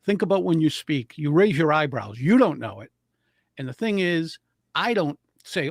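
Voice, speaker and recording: A man explains public speaking techniques as a guest coach, his voice sitting a bit high for a man. He talks in an animated, demonstrative way, acting out how a voice rises and falls. The sound is dry and close, with no room around it. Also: normal speed, husky, no echo. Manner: animated, demonstrates vocal intonation.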